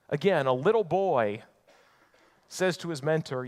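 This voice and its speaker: A man's voice: fairly high pitch, brisk. A man preaching a sermon in a church, telling a Bible story conversationally and acting out the characters' lines. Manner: storytelling with acted-out voices, conversational asides. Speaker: pastor. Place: church sanctuary.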